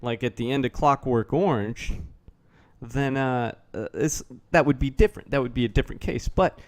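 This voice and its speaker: A man's voice: medium pitch, normal speed. A man giving a rambling, casual commentary rant, sardonic and full of swearing. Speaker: YouTube commentator.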